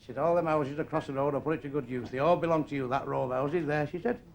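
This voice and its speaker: An older man telling crude jokes on a comedy club stage in a blunt, deadpan way. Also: a little high, quick pace, gravelly. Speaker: stand-up comedian. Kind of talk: stand-up joke telling. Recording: live club crowd laughing. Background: audience laughter.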